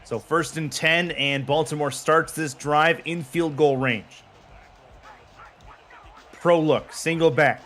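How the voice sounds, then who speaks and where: A man calling play-by-play for a virtual football broadcast, steady between plays and rising to excited shouts on big moments. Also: a little high, takes it slowly, pauses often, soft background music. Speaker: play-by-play commentator. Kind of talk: live sports play-by-play.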